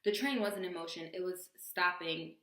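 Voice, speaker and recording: A young adult woman vlogger telling a story in a casual, animated, slangy way, full of jokey asides. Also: lowish voice, moderate pace. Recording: roomy echo.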